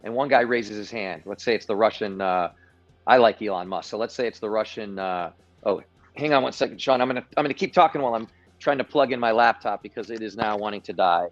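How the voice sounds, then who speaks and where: A man's voice: fairly low pitch, fast talker, highs cut off, soft background music. A man guesting on a livestream, telling stories animatedly with frequent restarts over a video call. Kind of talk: political commentary on a livestream.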